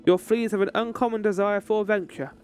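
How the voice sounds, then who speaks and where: A man voicing a calm, stoic young woman warrior in a measured, grave tone, lower than his own talk. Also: faint music behind, natural voice.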